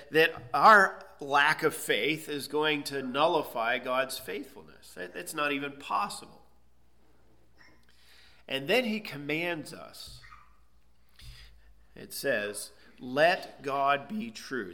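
Bright-voiced male pastor preaching. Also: a little high. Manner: emphatic teaching with rhetorical questions. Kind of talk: expository sermon.

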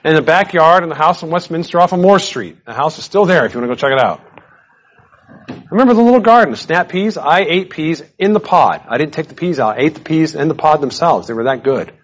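A man giving a verse-by-verse Bible teaching, animated and emphatic, with casual conversational asides. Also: fairly high pitch, quick pace, few pauses.

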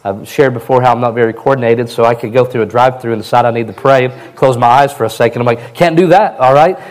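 A man preaching a sermon in a plain, conversational way, his voice a little hoarse. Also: mid-range voice, flat delivery, fast talker, rough recording. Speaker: pastor.

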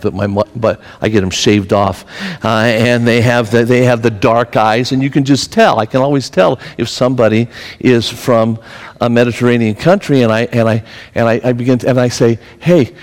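A man preaches to his congregation, slipping from quiet personal stories into emphatic, building exhortation. His voice sits in a middle register. The sound carries a long reverb from a large church hall. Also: medium pitch. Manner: storytelling, rising to emphatic preaching. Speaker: pastor. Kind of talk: sermon.

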